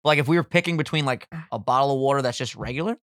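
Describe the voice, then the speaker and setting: A young man co-hosting a podcast, animated and joking, swearing freely as he banters. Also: mid-range voice, dry recording, clean studio sound. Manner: animated, joking, profane, quick to laugh. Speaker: podcast co-host. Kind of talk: casual banter.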